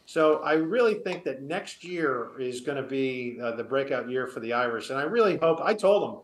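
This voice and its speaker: A man's voice: mid-range voice, lively intonation, normal speed, roomy sound. A man and former college football player, speaking as an interview guest, earnest and opinionated with a storytelling manner. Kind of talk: casual sports interview.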